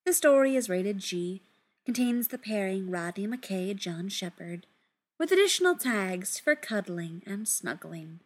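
A woman reading a story aloud in an unhurried, expressive way. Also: medium pitch. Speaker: audiobook reader. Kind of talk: fan fiction reading.

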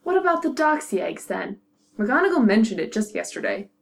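A woman voicing a weary, patient teenage schoolboy wizard in an amateur audio drama, sounding dry and flat. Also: mid-range voice, a little fast, gravelly.

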